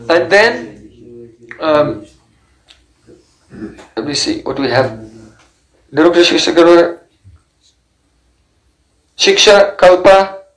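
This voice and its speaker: A man with a fairly high voice gives a spiritual lecture, explaining terms carefully and pausing on "uh" and "um" as he searches for words. His voice rings in an echoey room. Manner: explanatory, with fillers and self-corrections. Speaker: teacher of scripture.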